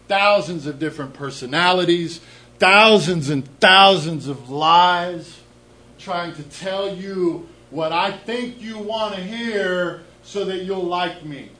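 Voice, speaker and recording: A middle-aged man shares his recovery story with a room, candid and self-mocking, stumbling over and repeating his first words. His voice sits a little high for a man, and he takes his time over each line. A faint hum of room tone hangs behind him. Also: fairly bright tone, low-quality recording. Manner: candid, self-deprecating, repeats words when starting a thought. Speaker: speaker sharing a recovery story. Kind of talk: personal testimony talk to an audience.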